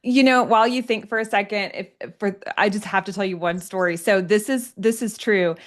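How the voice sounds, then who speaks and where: This is a woman hosting a podcast, talking in an easy, casual way. She sounds excitable and keeps breaking into laughter. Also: medium pitch, a little fast. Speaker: podcast host. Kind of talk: casual chat.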